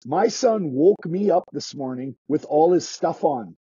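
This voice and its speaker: A man's voice: fairly high pitch, lively intonation, unhurried, warm tone, husky, dry recording, highs cut off. A man who teaches skating, talking casually in a podcast interview, restarting his sentences and acting out what kids say. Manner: chatty, restarts sentences, acts out quoted kids. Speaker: skating instructor.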